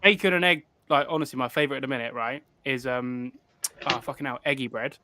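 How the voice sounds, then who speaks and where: A British man hosts a relaxed live stream and tells rambling stories full of swearing. He keeps breaking off and restarting his sentences. His pitch sits in the middle range. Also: fast talker, no echo. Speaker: host of a reptile channel. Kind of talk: casual live-stream chat.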